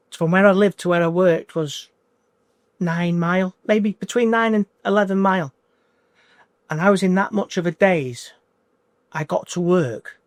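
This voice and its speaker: A man in his forties in an emotional interview as a coaching client, talking in halting bursts that repeat and restart. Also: on the high side, no echo, studio quality. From United Kingdom. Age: 40s.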